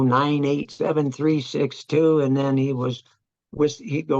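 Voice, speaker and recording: An older man, a veteran, telling his wartime memories in an oral history interview, halting and reflective with many restarts. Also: fairly high pitch, level tone, darkish tone, no echo, dull audio.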